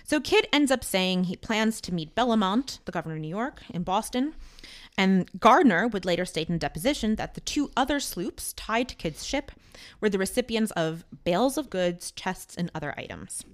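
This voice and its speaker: Woman podcast host telling history stories, chatty, lively up and down voice. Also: medium pitch. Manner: chatty, with frequent "um" and asides. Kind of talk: casual history storytelling.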